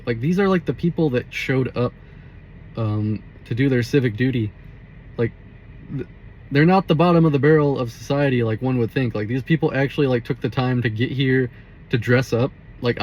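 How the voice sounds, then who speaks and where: A man's voice: medium pitch, darkish tone, lo-fi sound. A young man telling a story in a loose, rambling monologue, swearing often and saying "like" constantly, recorded inside a car. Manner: rambling, profane, heavy use of "like". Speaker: vlogger.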